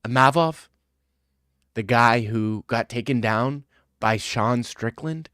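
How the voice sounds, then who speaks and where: Sarcastic guy streaming, reading chat and mocking it, mid pitch voice, dry close mic. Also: takes it slowly, fairly bright tone, clear, resonant tone, no echo. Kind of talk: casual livestream chat.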